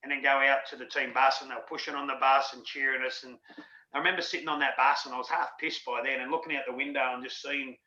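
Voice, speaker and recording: This middle-aged Australian man rambles through his memories with an earthy, candid manner and the odd swear word. His voice has a bright, forceful edge. The recording is dull and lo-fi, with a noticeable room echo. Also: mid-range voice, fairly even intonation, fast. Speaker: interview guest, former rugby league player. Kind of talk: candid storytelling. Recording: dull lo-fi sound in an echoey room.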